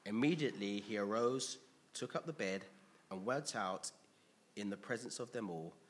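A man's voice: on the low side, moderate pace, a little hiss or hum. A man preaching a sermon to a congregation, earnestly asking them questions, often restarting his sentences, and reading scripture aloud.

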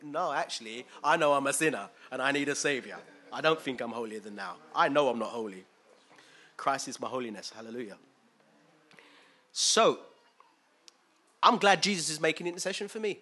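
Bright-voiced man preaching casually. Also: fairly high pitch, expressive, a little fast, slightly rough. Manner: conversational, asks listeners questions, acts out quoted voices. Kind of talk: informal sermon.

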